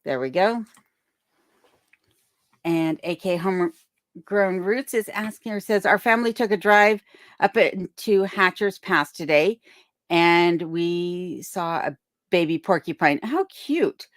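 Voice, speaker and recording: With a slow pace and long pauses, a woman with a lowish voice hosts a casual live chat, reading viewer comments aloud and thanking folks chattily. She broadcasts from her remote Alaska home on a boom-arm desk mic, and the recording is dry and studio quality.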